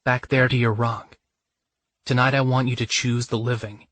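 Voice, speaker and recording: A man's voice: mid-range voice, level tone, moderate pace, a bit bright, no room sound, natural voice. A man voicing a frightened, bitter young woman in a romance audiobook, speaking with pleading emotion. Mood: soft, tender. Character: young woman, frightened then tender lover.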